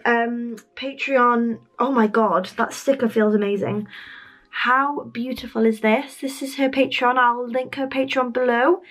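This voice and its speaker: A young woman talks to her viewers as she unboxes parcels, bubbling over with delight and peppering her talk with "um" and "oh my gosh". Her voice sits fairly high and she speaks at a slow, lingering pace, stretching out her exclamations. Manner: gushing and excitable, many fillers. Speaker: stationery vlogger. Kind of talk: unboxing vlog.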